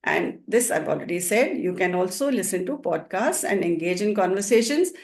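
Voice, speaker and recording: A woman whose first language is Hindi, teaching spoken English in an encouraging way, often repeating words and pausing with fillers. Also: mid-range voice, lively intonation, darkish tone. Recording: echoey room.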